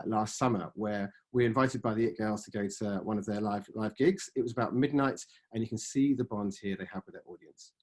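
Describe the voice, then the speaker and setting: A man in his forties presenting to clients in a mid-pitched voice. He pitches steadily, with ums and uhs, and his sentence ends drop away quietly. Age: 40s. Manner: pitching, with fillers, trailing off at ends. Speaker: ad sales presenter. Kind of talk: business presentation.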